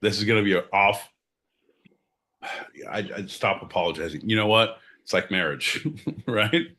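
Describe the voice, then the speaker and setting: Brash, bright-toned man. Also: on the low side, moderate pace. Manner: rowdy, profane, mock-announcer outbursts. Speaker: podcast co-host. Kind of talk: casual chat.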